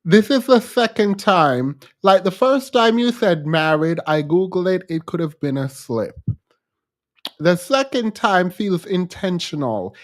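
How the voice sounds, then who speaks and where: A woman's voice: fairly low pitch, expressive. A woman from Jamaica with a Jamaican accent, hosting a reaction commentary and pointedly picking apart a played clip. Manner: blunt and pointed, quick to laugh. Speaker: commentary host.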